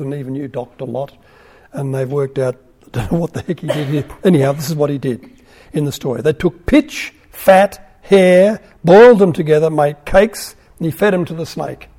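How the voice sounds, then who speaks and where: A man's voice: a little high, dark tone, husky. A man teaching a class, reading a scripture story aloud and adding wry, conversational asides.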